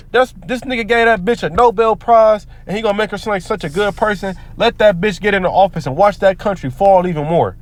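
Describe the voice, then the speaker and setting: Heated, high-voiced preachy vlogger man. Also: fairly quick, hardly any pauses. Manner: heated, profane and preachy, reads scripture aloud. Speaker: commentary vlogger. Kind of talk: profane street-preacher commentary.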